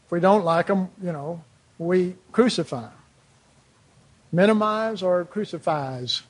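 Man, preacher, sermon, high voice, husky, chatty, rhetorical questions. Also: a little slow. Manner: conversational, rhetorical questions, frequent "you know".

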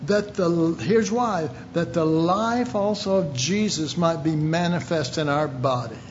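A man preaching a sermon, reading scripture aloud and pressing his points with emphatic, sometimes shouted questions. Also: on the high side, measured pace, dull audio. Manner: reads scripture aloud in King James wording.

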